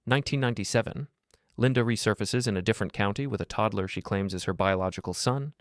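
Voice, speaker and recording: Low dry male narrator for a first-person drama story, steady and measured. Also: no room sound.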